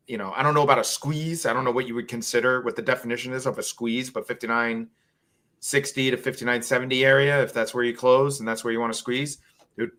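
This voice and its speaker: A man's voice: mid-range voice, pushed and bright. A man hosting a casual trading live stream over a video call, rambling and thinking aloud as he shares his screen. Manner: rambling, self-mocking, thinks aloud while sharing screen. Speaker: host.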